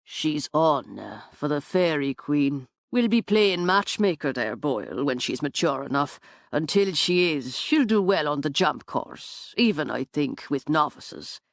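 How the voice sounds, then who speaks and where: A woman narrator voicing a charming horseman, calm and teasing, with a low, slow, smooth way of speaking. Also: no echo, studio quality, exaggerated voice. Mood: easy charm.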